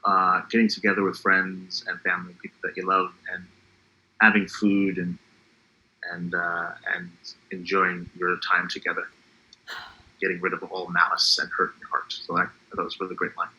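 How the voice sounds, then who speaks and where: Husky, low-voiced thoughtful American man. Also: monotone, normal speed, sharp tone. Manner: thoughtful, hesitant. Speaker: guest actor. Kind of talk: casual chat. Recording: dull, lo-fi sound.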